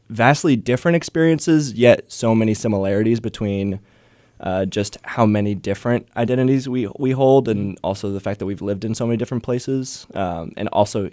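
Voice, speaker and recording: A man from the Bronx, a guest on a podcast, talking in a relaxed, teasing way. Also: on the low side, dry recording, clean studio sound. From the Bronx, New York. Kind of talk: casual podcast interview.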